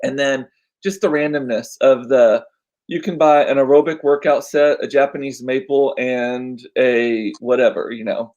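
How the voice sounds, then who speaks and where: A man hosting a casual chat, rambling with lots of fillers, a bit hoarse as he loses his voice. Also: mid-range voice, fairly even intonation, unhurried, a little mellow, poor audio. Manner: chatty, rambling with frequent fillers. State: losing his voice, coughing. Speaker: podcast host.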